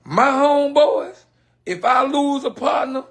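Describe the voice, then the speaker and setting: A man's voice: very high voice, unhurried. A man giving an emphatic, preachy motivational talk on a live stream. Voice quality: very husky.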